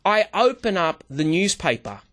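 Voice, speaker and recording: A man explains sales tactics with a lively, swooping pitch. He tells his stories with energy, slips into the voices of the people in them, and keeps calling the host by name. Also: moderate pace. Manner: animated storyteller who acts out dialogue and keeps addressing the host. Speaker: sales trainer guest. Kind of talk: animated interview talk.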